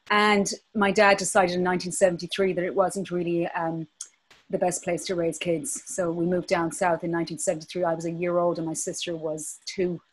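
A woman in her fifties with an Irish accent from County Clare, chatting as a podcast guest and telling stories. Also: on the low side. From Ireland. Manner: chatty, storytelling. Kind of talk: casual chat.

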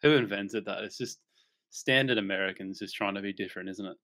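A man's voice: lowish voice, fairly quick, fairly bright tone. An Australian man hosting a live sports betting podcast in a laid-back, joking way, swearing now and then. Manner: laid-back, swears freely, laughs often. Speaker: podcast host. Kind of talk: casual sports betting chat.

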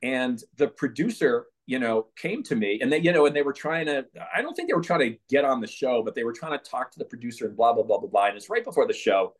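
Animated male storyteller, lively voice. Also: medium pitch, fast, few pauses. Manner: animated, laughs through stories, acts out quotes. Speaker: podcast guest, former page. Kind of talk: anecdotal storytelling in an interview.

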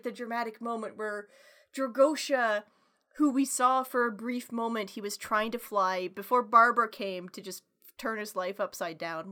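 A woman's voice: fairly high pitch, sharp tone. A woman co-hosting a casual film review chat, blunt and enthusiastic, retelling scenes and swearing freely. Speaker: podcast co-host.

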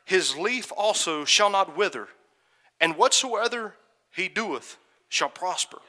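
A man preaching a sermon, moving from quiet storytelling to loud, fervent calls and asking the congregation for an "Amen". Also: fairly high pitch. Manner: builds from soft musing to shouted fervor, calls "Amen?".

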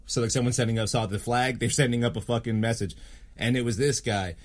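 A man's voice: mid-range voice, steady tone, fast talker. A man hosting a podcast in casual chat, swearing freely and laughing through rambling banter. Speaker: podcast host.

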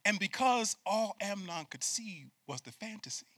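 A man preaching a sermon with call-and-response, swinging from loud bursts to hushed asides. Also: sits high, lively intonation, normal speed, breathy edge, dry recording. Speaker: pastor.

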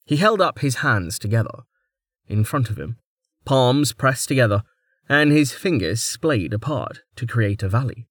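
A man reading an audiobook chapter in steady, scripted narration. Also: mid-range voice, a little slow, no echo, clean studio sound.

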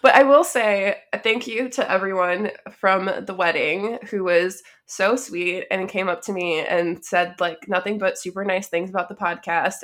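A young adult woman co-hosting a podcast in casual chat, chatty and quick to laugh. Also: lowish voice, fairly bright tone. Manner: giggly, chatty. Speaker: podcast co-host.

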